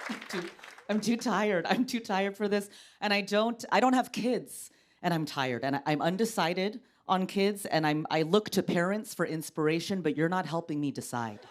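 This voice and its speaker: A woman in her thirties doing a stand-up comedy set on a TV stage, wry and exasperated, acting out the people she quotes at a louder pitch. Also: normal speed, some chatter behind. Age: 30s. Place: television studio stage. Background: studio audience laughter.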